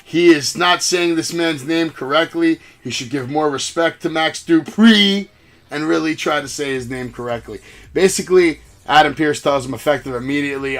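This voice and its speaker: A man hosting a wrestling podcast, recapping matches in casual, excitable talk full of swearing and acted-out quotes. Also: mid-range voice. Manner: profane, excitable, acts out quotes.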